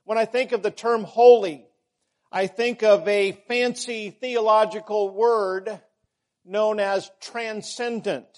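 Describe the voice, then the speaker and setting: A man preaching a sermon, measured and emphatic, repeating key words for stress. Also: sits high, fairly even intonation.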